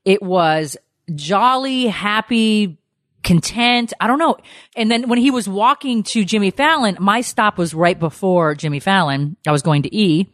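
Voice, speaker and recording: A middle-aged woman telling a story in casual chat, animated, swearing freely and acting out what people said. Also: mid-range voice, unhurried, dry recording, studio quality. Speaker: podcast host.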